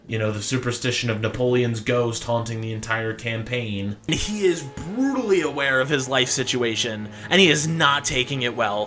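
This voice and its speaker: A man's voice: mid-range voice, expressive, moderate pace, a bit bright. A man giving casual, wry commentary, often laughing and slipping into mock voices. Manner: wry, laughing, jumps between silly voices. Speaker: video commentator.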